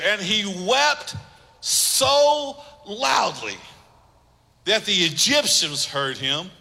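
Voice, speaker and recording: Male pastor preaching with emphatic repetition, fairly high voice, big reverberant hall. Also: vocal fry, pushed and bright. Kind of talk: sermon.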